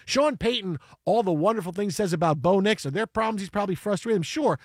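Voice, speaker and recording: A man's voice: sits high, fast talker, breathy edge, dry recording, clean studio sound. A man hosting a sports talk show, arguing his point emphatically and repeating phrases for effect. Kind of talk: casual sports radio chat.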